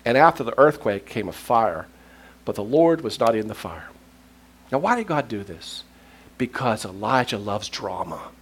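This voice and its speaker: A man's voice: lowish voice, very animated, normal speed, slightly rough. A man preaching a sermon, telling stories, laughing often and dropping to a near-whisper at tender moments. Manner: laughs often while speaking.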